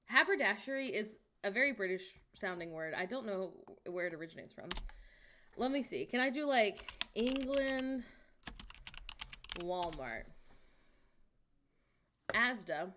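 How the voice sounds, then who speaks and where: A woman on a casual stream, talking half to herself as she browses and tossing out wry remarks about whatever pops up. Her pitch swings freely, with a middling voice that rises and falls all over the place. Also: animated, measured pace, pauses often, slight background noise. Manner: chatty, wry, reacts out loud to what she sees. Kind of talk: casual chat while browsing online.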